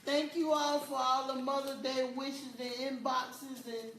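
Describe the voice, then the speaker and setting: A woman's voice: sits high, a little slow. Older woman speaking in an echoey room. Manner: calm and reassuring, speaks of prayer. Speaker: vlogger's mother. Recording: echoey room with faint noise.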